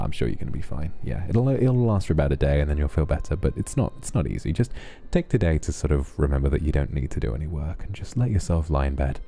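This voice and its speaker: A man hosting a soft late-night ASMR stream, gently reading viewers' messages aloud and answering them affectionately. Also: rumbling low.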